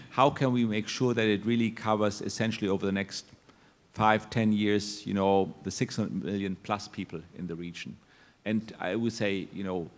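Hesitant male panel moderator in a hall. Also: on the low side. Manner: hesitant, many fillers and restarts. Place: conference hall. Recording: long hall reverb.

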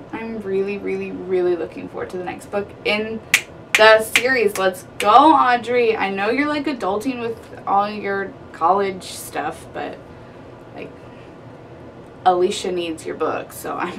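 A woman's voice: a little high, slight background noise. A young woman, chatting casually and gushing about favorite books, with a lot of "like". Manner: bubbly, gushing, peppered with "like". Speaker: book reviewer. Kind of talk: casual book review vlog. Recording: somewhat distant mic with faint room ambience.

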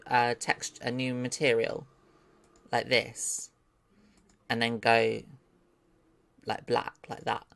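A woman's voice: extremely low pitch, creaky. A woman streaming live as she learns 3D modeling. She thinks aloud, talks to her chat and swears with delight when something turns out well.

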